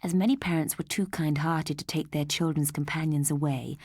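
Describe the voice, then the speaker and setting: A woman narrating an audiobook story in a measured, gentle way. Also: low-pitched, no room sound, clean studio sound.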